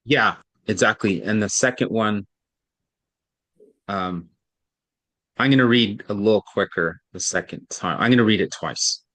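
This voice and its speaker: A man tutoring one student in reading, explaining patiently step by step and often checking in with a quick "right?". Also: on the low side, fairly bright tone.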